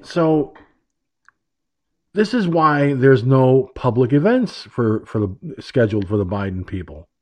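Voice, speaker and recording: A man's voice: mid-range voice, very animated, measured pace, darkish tone. A man hosting an internet radio show, delivering a sarcastic, rambling political monologue and repeating himself.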